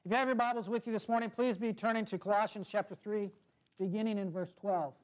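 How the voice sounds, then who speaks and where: High-voiced preacher with a soft, measured delivery. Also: male voice, steady tone. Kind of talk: sermon.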